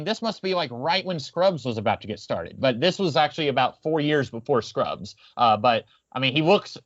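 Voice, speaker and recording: A man's voice: mid-range voice, fairly bright tone, lo-fi sound. A man co-hosting a podcast, talking casually about a film with lots of fillers. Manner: chatty, many fillers, quotes lines in character. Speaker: podcast co-host.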